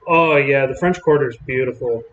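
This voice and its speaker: A man's voice: medium pitch, moderate pace, reverberant, lo-fi sound. A man from Texas giving casual, rambling live-stream commentary on storms while chatting with viewers. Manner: chatty, rambling, drawling with fillers.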